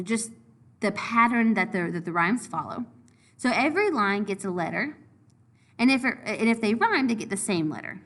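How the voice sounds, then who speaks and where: A woman teacher walking through a lesson in a clear, explanatory way, step by step. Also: mid-range voice. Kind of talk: recorded lesson review.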